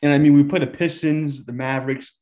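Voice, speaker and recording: A man's voice: fairly high pitch, steady tone, brisk, darkish tone, muffled recording. A young man co-hosting a sports podcast, a hyped, trash-talking fan in casual chat. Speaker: podcast co-host.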